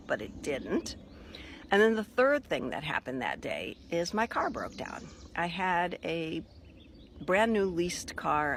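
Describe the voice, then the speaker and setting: A woman's voice: fairly low pitch, a little hiss or hum. A woman who works as a spirit messenger and podcaster, telling a personal story to the camera and acting out the lines of each person she quotes. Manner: expressive storyteller who acts out quoted dialogue.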